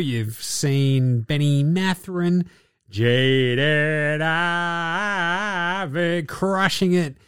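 A man's voice: on the high side, clean tone, no room sound, studio quality. An Australian man hosting a podcast, giving a sarcastic, profane basketball recap. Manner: sarcastic, swears freely. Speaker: podcast host.

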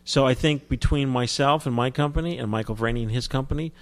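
Speaking quickly at a medium pitch with no echo, this film distributor from New Jersey is an interview guest swapping stories in a chatty, laid-back way. He restarts himself frequently.

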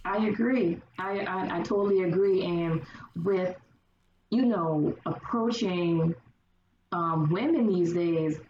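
A woman guest in casual conversation, telling her stories lively and acting out the people she quotes. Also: on the low side, slow pace. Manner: animated storyteller acting out quoted voices. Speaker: podcast guest. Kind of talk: casual chat. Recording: roomy, distant, dull sound with faint hiss.

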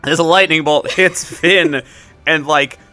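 Bright, tense-voiced tabletop player; playful, laughs often. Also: mid-range voice, fairly even intonation, slow pace, soft background music. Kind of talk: casual tabletop game play.

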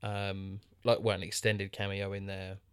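A low-pitched, monotone man keeps a measured pace and a smooth tone while co-hosting a podcast. Rambling through a casual film discussion, he restarts and uses fillers a lot. The sound is clean studio audio with no room sound.

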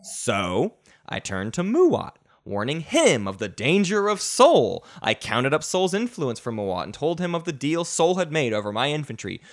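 Man, podcast host, gravelly voice, lively pitch, dramatic game recap storytelling. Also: normal speed. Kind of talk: recapping a board game session, then casual chat.

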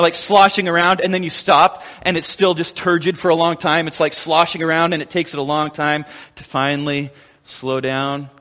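A man preaching a sermon, telling the story in an animated way and acting out the quotes. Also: on the high side. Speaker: pastor. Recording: long echoing reverb.

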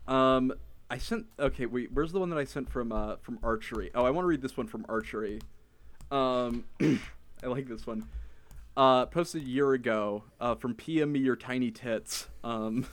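A man's voice: mid-range voice, moderate pace. A young man hosting a casual podcast, reading online posts aloud with many fillers and restarts. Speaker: podcast host.

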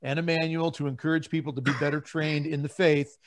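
An earnest man talking as a guest on a faith-based talk show. His voice sits a little high for a man, and his delivery turns preacherly. He often repeats a word as he gathers his thoughts. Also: level tone, quick pace. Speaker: guest, Catholic ministry leader. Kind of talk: casual talk show discussion.

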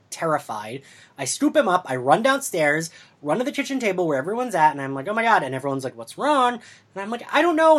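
Man, husky voice, lowish pitch, very lively intonation, casual storytelling, acts out quoted voices. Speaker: podcast co-host telling a story. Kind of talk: casual storytelling over drinks.

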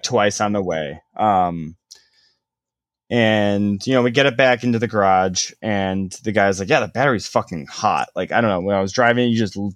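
A man's voice: on the low side, no room sound, clean studio sound. A young man telling a long story in casual chat, rambling with lots of "like" and casual swearing.

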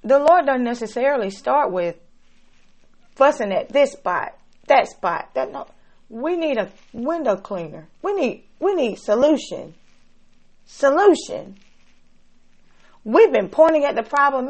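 A woman delivers a sermon slowly and dramatically in a high-pitched, sing-song voice. She swings between loud, emphatic lines and soft, hushed ones.

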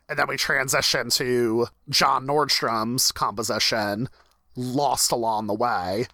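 A man's voice: medium pitch, sharp tone, dry recording. A man co-hosting a casual podcast, thoughtfully walking through scenes of a TV episode. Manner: thoughtful, measured, reads a monologue aloud. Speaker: podcast co-host. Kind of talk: casual recap chat.

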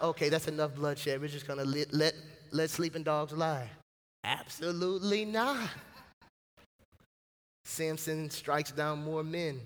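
A man preaching a sermon in a big church hall, his voice pitched high and trailing a long reverb. He talks in a loose, lively way, dropping slang and acting out quotes as he goes. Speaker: pastor. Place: church sanctuary.

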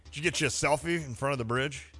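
A man's voice: mid-range voice, quick pace, fairly bright tone, soft background music. A man co-hosting a show in casual banter, teasing his co-hosts and laughing often. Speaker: radio show co-host.

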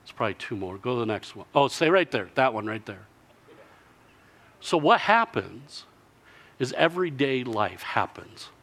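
A man preaching a sermon, telling a story with lively delivery and answered by the congregation. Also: medium pitch, normal speed, pauses often. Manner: lively storytelling, acting out villagers in character.

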